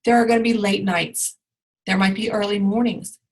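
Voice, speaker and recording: A woman's voice: mid-range voice, little pitch movement, moderate pace, poor audio. A woman in her thirties giving an earnest, emphatic motivational talk to her team. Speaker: team leader.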